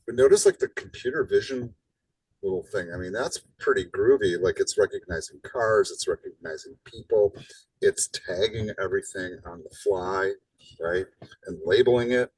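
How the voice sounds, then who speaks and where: Male lecturer, low husky tone, a bit off-mic in a dry classroom; casual, animated teaching delivery. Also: moderate pace, no echo, recorded from a distance, low-quality recording. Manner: casual, rhetorical "right?" tags, animated emphasis. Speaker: college instructor.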